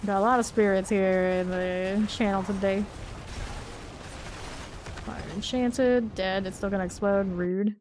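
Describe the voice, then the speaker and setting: A woman's voice: medium pitch, fairly even intonation, a little slow, long pauses, a little mellow, slight background noise. A woman casually commenting while streaming a video game, chatting with viewers and laughing often. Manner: chatty, reads chat aloud, laughs often.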